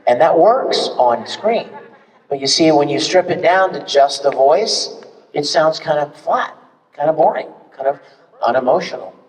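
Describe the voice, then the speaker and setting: Male voice actor as panel guest, animated storyteller, a touch high, recorded far from the mic in a reverberant hall. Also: moderate pace. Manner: animated, acts out examples with big swings. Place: convention panel room.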